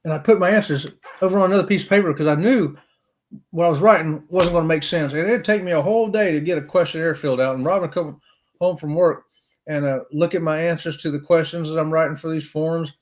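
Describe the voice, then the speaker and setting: A man's voice: fairly high pitch, fast. A middle-aged man, hosting a casual livestream in a folksy, upbeat way while reading chat comments. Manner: folksy and upbeat, says "y'all" often. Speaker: livestream host.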